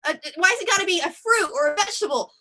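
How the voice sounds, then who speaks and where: A woman's voice: very high voice, expressive, rapid-fire, sharp tone. A woman doing improvised stand-up comedy in a rambling, self-deprecating way, full of fillers and tangents. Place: theatre stage.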